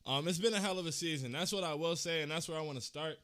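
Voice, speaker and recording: A man's voice: fairly high pitch, fast, fairly bright tone. A young man hosting a fan livestream, talking casually in slang and holding back tears, repeating himself as he thanks his viewers. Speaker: fan channel host.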